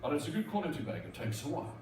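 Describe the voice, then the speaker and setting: Playful high-voiced man on a stage. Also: very animated, racing, a little mellow, slight background noise. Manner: joking, playful, talks to the crowd. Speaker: corporate speaker and magician. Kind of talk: comedic keynote speech with magic tricks. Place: large conference hall. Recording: echoey hall, mic from a distance.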